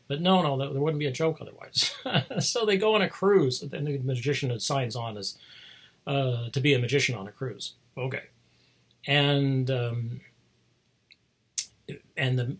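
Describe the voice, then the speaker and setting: A man's voice: mid-range voice, expressive, normal speed, breathy edge. A man telling a long, meandering story in a casual, self-deprecating way, chuckling often and losing his thread. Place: home, speaking remotely.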